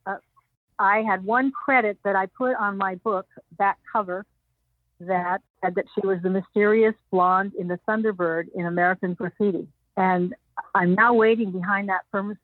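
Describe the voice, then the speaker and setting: Older woman guest, animated storyteller, dry narrow phone-like sound. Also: mid-range voice, dry recording. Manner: animated anecdotes, acting out others' lines with laughs. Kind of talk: storytelling interview.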